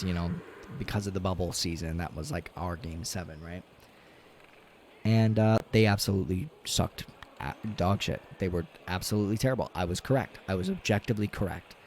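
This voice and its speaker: A man streaming a game, talking casually and ranting with lots of swearing, dropping to low mutters and rising to loud outbursts. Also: moderate pace, slight background noise. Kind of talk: casual gaming stream chat.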